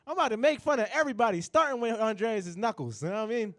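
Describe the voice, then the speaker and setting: A young man works through a stand-up set, swearing freely and talking straight to the audience. His voice sits high and swings up and down, and the sound is dry and close. He keeps an animated, loose delivery. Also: fast talker, no room sound. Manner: animated, profane, addresses the crowd directly. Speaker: stand-up comedian. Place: comedy show stage.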